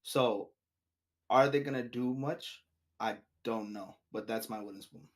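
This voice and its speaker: A man in a relaxed sports conversation, explaining his choice bit by bit. He hesitates, restarts, and checks in with his listeners with quick tag questions. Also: mid-range voice. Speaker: podcast co-host. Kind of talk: casual sports chat.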